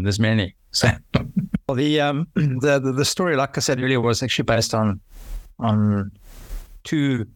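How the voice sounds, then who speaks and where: A man's voice: medium pitch, measured pace, long pauses, dry recording. Man, casual podcast chat, rambling, dry close sound. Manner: rambling, hesitant, with frequent restarts and laughs.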